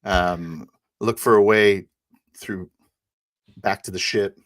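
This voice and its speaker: Male player, low pitch, dry mic, hesitant delivery. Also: fairly even intonation, no room sound. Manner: hesitant, halting, many uhs. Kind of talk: in-character tabletop play.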